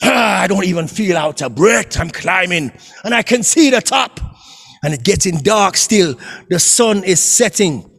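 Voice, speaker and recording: A man voicing a boastful young man who turns panicked, shouting, stammering and pleading. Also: sits high, animated, measured pace, vocal fry, breathy edge, voice pushed down, heavily acted.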